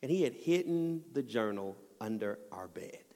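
A man preaching in a church sanctuary, his voice carrying a long hall reverb. He tells stories earnestly and rises to emphatic peaks. His pitch sits mid-range for a man. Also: lively intonation, moderate pace, dark tone. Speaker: pastor. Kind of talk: sermon.

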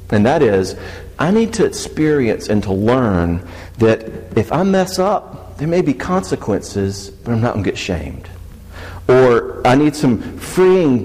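Male speaker, lively and humorous, church talk, long reverb. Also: medium pitch. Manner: lively, joking, asks the audience questions. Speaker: speaker on faith and marriage.

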